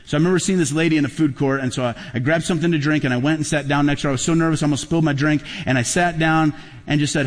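A man's voice: on the high side, fast talker. A middle-aged man preaching a sermon as pastor, telling stories and building to emphatic peaks. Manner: storytelling, emphatic, rising to loud peaks. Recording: long hall reverb.

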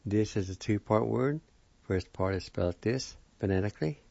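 A man slowly teaching the spelling and pronunciation of new words, repeating each syllable with care. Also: fairly low pitch, vocal fry, darkish tone, dry recording. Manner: slow, deliberate, repeats syllables carefully. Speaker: language teacher. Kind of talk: slow spelling and pronunciation lesson. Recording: dull lo-fi sound.

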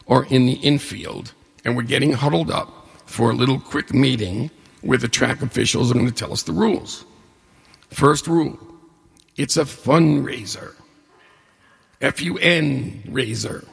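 A man in his forties or older telling a personal story, a lively storyteller who acts out the dialogue with humor. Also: mid-range voice, normal speed, vocal fry, husky. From New York State. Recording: hall reverb.

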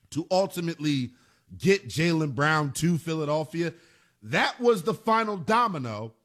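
A man's voice: sits high, bright, forceful tone. A man hosting a sports talk radio show, delivering an emphatic monologue and repeating phrases for punch.

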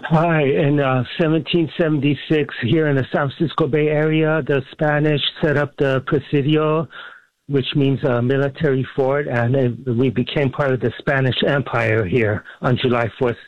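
A man's voice: medium pitch, fairly even intonation, normal speed, no echo. A man from Iran calling into a radio show, rambling hesitantly with many fillers, heard over a muffled phone line. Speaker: caller.

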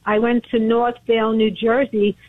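A woman's voice: fairly high pitch, level tone, moderate pace, husky. A woman from Brooklyn calling in to a radio show, chatty and earnest, heard over a phone line. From Brooklyn, New York. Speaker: caller. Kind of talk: phone-in call.

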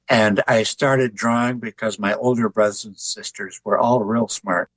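An older man with a husky voice tells stories in an interview. His delivery is easygoing and anecdotal, and he chuckles at his own jokes. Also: medium pitch, a bit bright, low-quality recording. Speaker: author and artist, guest. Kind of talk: conversational interview storytelling.

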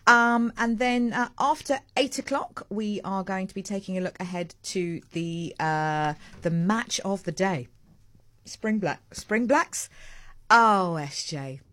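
A woman hosting a live morning radio show, chatty and digressive with animated asides, in a studio. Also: medium pitch, a little slow. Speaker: radio host. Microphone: studio microphone.

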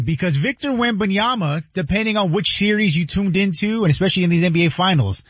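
Male sports co-host, husky, lively pitch, measured setup, dry mic. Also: no echo, lo-fi sound. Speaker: sports talk show co-host. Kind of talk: sports commentary.

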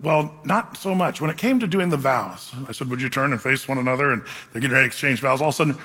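A male pastor preaching a sermon, telling a self-deprecating story in an animated way before moving into scripture. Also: medium pitch, fast talker, slightly rough, long reverb tail.

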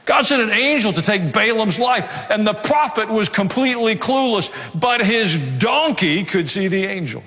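A man's voice: high voice, expressive, moderate pace, few pauses, bright, forceful tone. Man preaching in a reverberant church. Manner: conversational preaching with asides and humor. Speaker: pastor. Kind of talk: sermon. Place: church sanctuary. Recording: long reverb of a hall.

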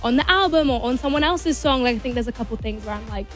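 A woman's voice: on the high side, lively intonation, fast talker, fairly bright tone, faint music behind. A teenage girl, a singer and actor, chatting as a guest in a casual radio studio interview, bubbly and gushing, with lots of fillers. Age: teens.

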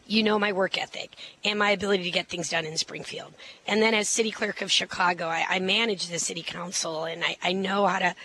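Middle-aged woman candidate, bright tone, confident, quick, filler-heavy interview answers. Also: lowish voice, steady tone, a little hiss or hum, low-quality recording. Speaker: mayoral candidate.

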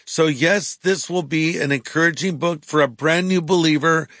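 Pastor, male, higher-pitched, earnest radio preacher, dry booth sound. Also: moderate pace, a bit bright, no echo. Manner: earnest, preacherly, emphatic repetition. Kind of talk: radio sermon talk.

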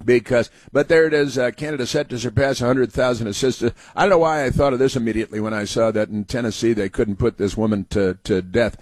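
A man hosting a talk show, delivering a sarcastic political commentary monologue, halting often with fillers and restarts. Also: medium pitch, a little mellow, no room sound.

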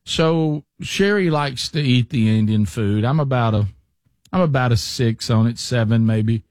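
A man's voice: mid-range voice, measured pace, a little mellow, no echo, studio quality. A man hosting a talk show, telling a rambling story with lots of restarts in casual banter. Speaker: radio show host.

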